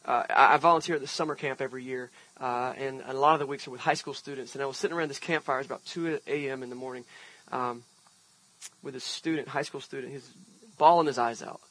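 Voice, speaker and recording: A man's voice: mid-range voice, fairly even intonation, quick pace, fairly bright tone, low-quality recording. A man preaching an outdoor sermon as pastor, telling a personal story in a conversational way with emphatic swells. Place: outdoor park service.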